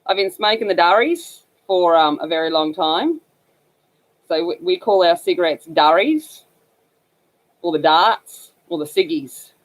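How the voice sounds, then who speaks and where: This is casual chat while coloring, delivered by a northern Australian woman hosting a livestream. Her lowish, scratchy voice is expressive and a little slow, and her rambling talk is full of fillers in an Australian accent.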